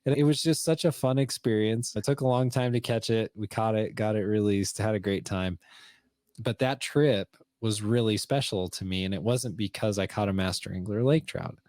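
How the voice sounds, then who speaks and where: Low-voiced man telling fishing stories. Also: normal speed, a little mellow, dry recording, studio quality. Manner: storytelling, easygoing. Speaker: podcast co-host. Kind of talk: casual conversation.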